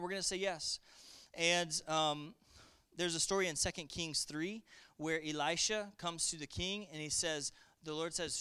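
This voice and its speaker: A middle-aged man preaching a sermon in a conversational, energetic way, calling out to his congregation. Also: high-pitched, clear, resonant tone. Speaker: pastor.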